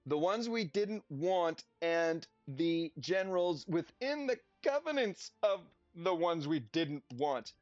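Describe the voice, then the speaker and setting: A man's voice: on the high side, expressive, takes it slowly, hardly any pauses, dry recording. A man giving casual, chatty gameplay commentary, sarcastic and slipping into playful silly voices. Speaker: game streamer. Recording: dull lo-fi audio with music. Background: faint background music.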